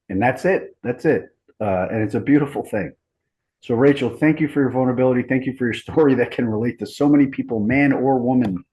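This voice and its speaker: A man in his thirties hosting a group video call, talking in a relaxed, rambling, enthusiastic way. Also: mid-range voice, poor audio. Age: 30s. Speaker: host.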